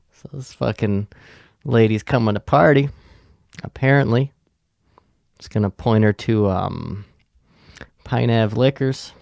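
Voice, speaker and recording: A man's voice: on the low side, slow, creaky, long pauses, a little mellow, dry recording, studio quality. A man hosting a podcast, telling a rambling, sarcastic story full of swearing. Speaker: podcast host. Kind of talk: casual storytelling.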